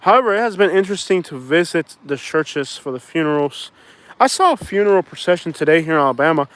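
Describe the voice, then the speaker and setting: A man's voice: a little high, expressive, fast, a bit bright. A man from Miami chatting casually and jokingly to his viewers, rambling from one thought to the next. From Miami, Florida. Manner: loose, joking, addresses viewers as y'all. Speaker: vlogger. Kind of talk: casual rambling chat to camera.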